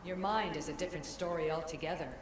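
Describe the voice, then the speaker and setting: An actress playing a stern, cautious woman in a video game cutscene, speaking in a measured, disapproving way. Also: sits low, steady tone, crowd noise, close to an everyday voice. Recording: echoey game audio with ambient noise.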